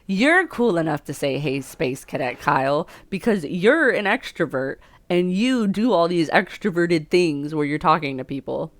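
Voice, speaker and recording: A woman's voice: lowish voice, lively intonation, normal speed, hardly any pauses, no room sound. A young woman streaming a dating sim, reading the game text aloud and chatting about it in a self-mocking way, laughing often. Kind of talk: casual let's-play commentary and reading game text aloud.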